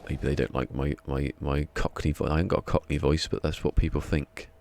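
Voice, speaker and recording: Man, English accent, very deep voice, gravelly fry, rambling live-stream chat, drowsy. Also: level tone, fairly quick, darkish tone, a little hiss or hum. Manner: chatty, rambling, chuckles while reading chat. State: a bit drowsy.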